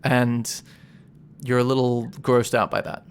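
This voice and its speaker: Brief: a relaxed male game master, middle pitch, narrating a tabletop session. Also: measured pace, clear, resonant tone. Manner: relaxed, rambling, self-correcting.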